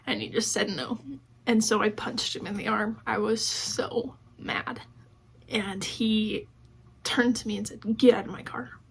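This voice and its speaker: Speaking slowly and steadily in a medium-pitched, gravelly voice with a breathy edge, a woman vlogger shares personal stories conversationally. She voices other people's lines and says "like" a lot.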